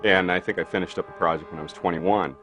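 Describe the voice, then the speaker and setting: A man's voice: deep voice, fast talker, soft background music. A man in an interview telling anecdotes animatedly, acting out quoted dialogue with many fillers. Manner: animated, acts out quoted dialogue, frequent "you know". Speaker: interviewee recalling film work. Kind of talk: anecdotal storytelling.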